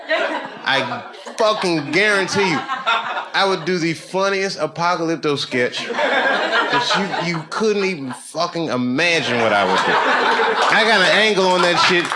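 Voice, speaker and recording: A middle-aged male comedian works a club stage, his voice pitched high and swinging widely as he spins profane, animated stories. It sounds like a live club recording, with a loud wash of audience noise behind him. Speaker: stand-up comedian. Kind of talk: stand-up routine.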